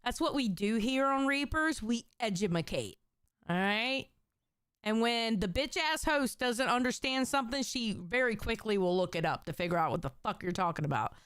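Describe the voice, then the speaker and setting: A woman's voice: fairly high pitch, animated, normal speed, fairly bright tone, smooth, dry recording, clean studio sound. A young adult woman from Southern California, hosting a reaction stream in blunt, profane, jokey commentary.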